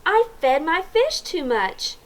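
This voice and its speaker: A woman voicing a young boy in a picture-book story, pleading and alarmed in a raised, high voice. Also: sing-song, takes it slowly, exaggerated voice. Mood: panicky. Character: young boy, panicky fish owner.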